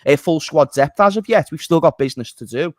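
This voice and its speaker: A man hosting a casual football talk show, chatty and quick to tease his co-hosts. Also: a little high, dry recording, clean studio sound. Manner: chatty, teasing banter. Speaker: podcast host.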